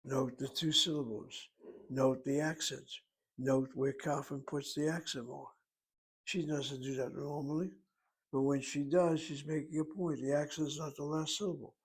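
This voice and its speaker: A man teaching a language lesson, speaking slowly and deliberately and spelling words out letter by letter. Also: on the high side, steady tone, breathy edge, rough recording. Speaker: Hebrew teacher. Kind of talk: lecture.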